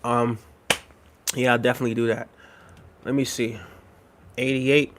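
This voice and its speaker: A young livestream host chats casually with his viewers, reading their comments aloud, rambling and laughing often. His medium-pitched voice moves little in pitch and keeps a moderate pace.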